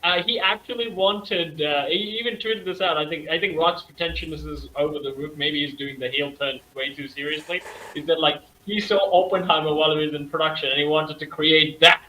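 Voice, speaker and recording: A man's voice: a little high, steady tone, a little fast, bright, forceful tone, a little hiss or hum. A man on a live geek panel, chatting casually, joking and swearing. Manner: laughs a lot, swears casually. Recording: echoey room.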